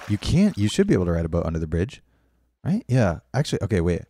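Deep gravelly man chatting on stream. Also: wildly swooping pitch, quick pace, mellow, a little hiss or hum. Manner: chatty, apologetic, reads chat aloud. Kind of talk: casual live-stream chat while building.

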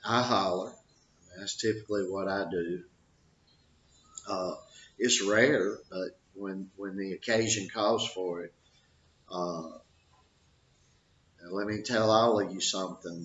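A man's voice: fairly low pitch, a bit bright, a little hiss or hum. An older man, a boxing trainer, giving rambling, folksy advice full of fillers and restarts. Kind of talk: casual advice talk. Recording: dull roomy recording.

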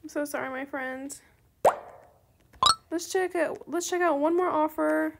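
Woman, casual game commentary host, high voice with gravelly fry, chatty with excited squeals. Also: a little slow, very noisy. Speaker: gaming channel host.

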